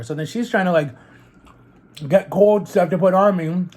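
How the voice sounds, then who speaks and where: Animated young-sounding man telling a story. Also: sits high, a little slow. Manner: animated, rambling, fillers of like and literally. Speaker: vlogger. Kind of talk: casual storytelling while eating. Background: eating on camera between sentences.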